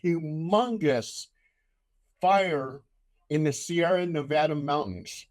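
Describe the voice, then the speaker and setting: An older man hosting a casual chat, telling a story with animation and loudly acting out the lines he quotes. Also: on the high side, takes it slowly.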